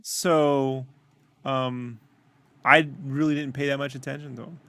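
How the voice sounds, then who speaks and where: A man from Southern California co-hosting a casual chat, wry and quick to laugh, with halting stammers. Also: mid-range voice, level tone, bright, forceful tone, no room sound. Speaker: co-host.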